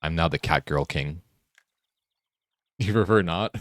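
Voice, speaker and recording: A man streaming a game, chatting casually, joking and laughing often, and getting excited as he rambles. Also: low voice, unhurried, no room sound. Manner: gets excited and rambling when riffing. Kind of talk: casual live-stream chat while gaming.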